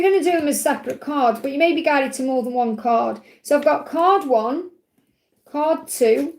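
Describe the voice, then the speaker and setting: A woman's voice: high-pitched, a little mellow. A woman hosting a live stream, reading oracle cards in a chatty, reassuring way and often adding "okay?". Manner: reads card messages aloud. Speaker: psychic reader, livestream host.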